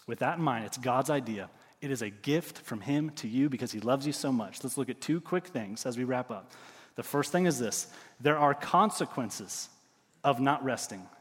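A middle-aged man preaching a sermon, telling stories with lively swings and dropping to quiet emphasis. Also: fairly high pitch, big-room sound. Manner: animated storytelling, drops to quiet emphasis. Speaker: pastor.

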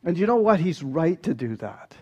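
A man's voice: on the high side, very animated, moderate pace, darkish tone, slightly rough, muffled recording. A man preaching a sermon, earnest and building to emphatic rhetorical questions.

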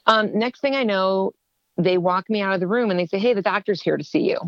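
A woman's voice: medium pitch, a little fast, no echo, dull audio. A woman guest telling her personal story in an interview, acting out what people said to her. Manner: animated, acts out quoted dialogue.

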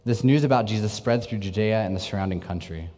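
Earnest low-voiced male preacher in echoey hall. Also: fast. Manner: earnest preaching, swings from energetic to hushed and intense. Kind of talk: sermon. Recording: long reverb, echoey hall.

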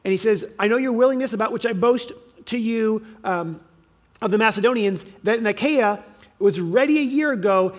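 Man preaching, very high voice, emphatic, loud then soft, restarts often. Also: normal speed. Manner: emphatic preaching, rises and drops in volume, with fillers and restarts. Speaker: pastor. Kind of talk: sermon.

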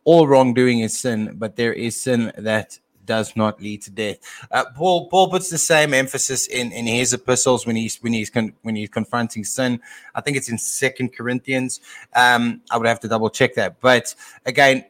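A man co-hosting a casual talk show and teaching from scripture, often pausing and repeating words as he thinks aloud. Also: mid-range voice, fairly bright tone. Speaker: podcast co-host and Bible teacher; father.

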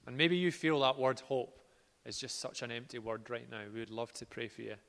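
A man preaching a sermon in an earnest way, moving from quiet words to loud ones. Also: mid-range voice. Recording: reverberant hall.

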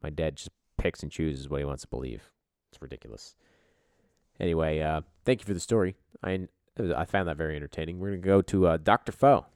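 A man's voice: rumbling low, a little fast, a little mellow, clean tone, dry recording. A male podcast host reacting in casual chat, laid-back and saying "dude".

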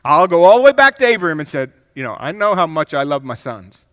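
Bright, lively male preacher in a hall. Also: fairly high pitch, fast. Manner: swings between loud emphatic bursts and hushed reflective passages. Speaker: pastor. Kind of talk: sermon. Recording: long hall reverb.

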